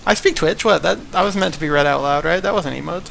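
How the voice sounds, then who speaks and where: A man's voice: a little high, fast, vocal fry, few pauses, a bit bright, soft background music. A man giving casual, jokey, rambling commentary for a livestreamed gaming tournament.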